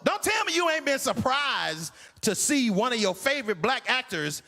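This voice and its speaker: A man in his sixties performing a stand-up comedy routine, incredulous and animated. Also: extremely high pitch, moderate pace, vocal fry, long reverb tail, slight background noise. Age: 60s. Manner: animated, incredulous, acts out voices. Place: church hall stage.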